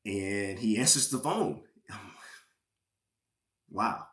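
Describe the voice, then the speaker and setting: A man from Georgia, a former pro football player, sharing a personal testimony as a podcast guest with earnest, halting emotional storytelling. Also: lowish voice, lively intonation, fairly bright tone, reverberant. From Georgia, USA.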